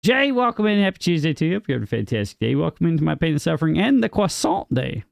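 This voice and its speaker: Gravelly, lively man teasing his stream chat. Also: quick pace, no room sound, studio quality. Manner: playful teasing, mock-indignant, jumps high on questions. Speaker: livestreamer. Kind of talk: casual live-stream chat, reading and answering chat.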